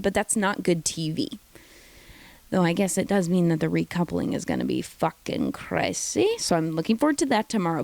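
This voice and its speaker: Woman, casual recap vlogger, opinionated and profane, slight fry, dry close mic. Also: mid-range voice, darkish tone, no room sound. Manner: chatty, opinionated, swears freely, acts out quotes.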